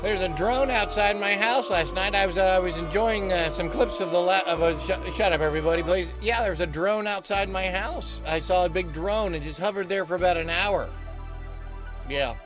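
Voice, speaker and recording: Man hosting a comedy stream with a high voice, stammering, rambling banter, music behind. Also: normal speed. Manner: stammering, self-interrupting, answers himself. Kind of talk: rambling comic livestream banter.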